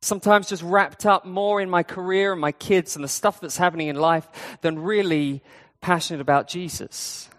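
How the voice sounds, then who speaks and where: A man's voice: high voice, normal speed, fairly bright tone, big-room sound. A man preaching a sermon in an easygoing, conversational way, with fillers and restarts. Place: church.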